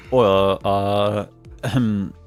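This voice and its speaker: Young guy streamer, lowish voice, reads the game text out loud, hams up lines, laughs a lot, bit of game music under him. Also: fairly even intonation, very slow. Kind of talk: live game playthrough, reading dialogue aloud.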